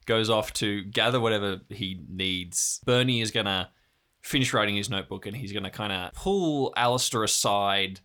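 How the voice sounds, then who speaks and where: A man narrating his character's moves in an improvised tabletop game, casual and matter-of-fact. His voice sits fairly low but rings bright and forceful. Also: moderate pace. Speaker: player.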